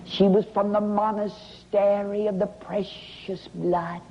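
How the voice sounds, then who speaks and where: A woman preacher delivering a sermon in a slow, dramatic way, often dropping into a whisper for effect. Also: medium pitch, level tone. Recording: dull lo-fi recording with faint hiss.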